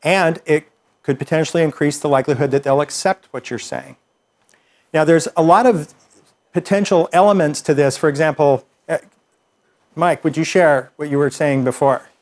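A man's voice: on the high side, moderate pace, darkish tone. A man teaching a class, explaining ideas with examples and often restarting his sentences. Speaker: instructor.

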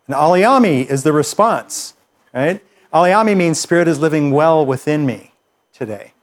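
A man leads a live workshop and explains ideas to the group in an easy, conversational way. His voice sits a little on the high side, and he circles back on his words as he thinks aloud. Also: moderate pace. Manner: relaxed, conversational explaining with fillers and restarts. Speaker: workshop instructor.

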